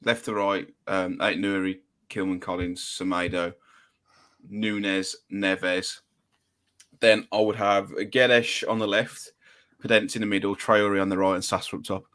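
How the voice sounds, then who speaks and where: A man's voice: deep voice, flat delivery, unhurried, a bit bright. A young man chatting casually as host of a live football fan stream, reading viewer comments aloud.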